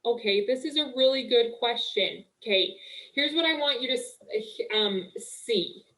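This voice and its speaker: A young woman working as a marriage coach, talking casually and warmly on a live webinar, full of "like" and "okay", speaking through a video call mic. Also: a little high, animated, a little slow, low-quality recording. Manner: chatty, upbeat, full of "like" and "okay".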